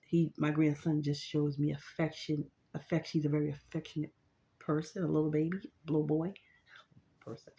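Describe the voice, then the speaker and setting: A woman's voice: deep voice, creaky, dark tone. A woman, a grandmother, telling a family story in a rambling, casual way with lots of fillers and restarts. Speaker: vlogger.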